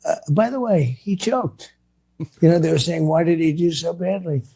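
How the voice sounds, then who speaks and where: A man's voice: fairly high pitch, expressive, normal speed, gravelly, dark tone, breathy edge. An older man politician answering reporters, boastful, repetitive and rambling. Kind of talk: clip of a press Q&A.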